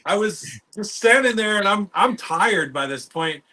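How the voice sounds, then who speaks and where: A man effects artist chatting as a guest, telling animated stories and acting out what people said. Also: high-pitched, unhurried. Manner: animated storyteller, acts out dialogue. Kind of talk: casual chat.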